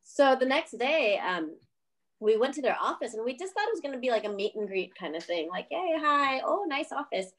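A woman film director telling a story in a casual interview, animated, laughing often, swearing freely and acting out what others said. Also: on the high side, a little fast.

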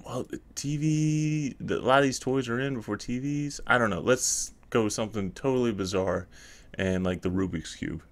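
A man's voice: medium pitch, normal speed. A man co-hosting a casual podcast chat, joking and laughing often. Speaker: podcast co-host.

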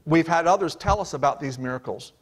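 A man's voice: on the high side, fast talker. A man preaching a sermon, reading scripture aloud and explaining it in an earnest, emphatic way. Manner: reads King James verses aloud and explains them.

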